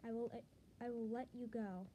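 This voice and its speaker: A woman's voice: fairly high pitch, steady tone, moderate pace, mellow, a little hiss or hum, close to an everyday voice, rough recording. A woman voicing a menacing, cold man's voice from a nightmare, speaking in a solemn, commanding way. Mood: ominous.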